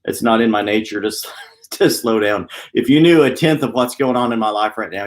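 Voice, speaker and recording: A man hosting a weekly motivational live stream from a downtown office, talking fast and chatty. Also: mid-range voice, lively intonation. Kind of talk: casual live-stream talk.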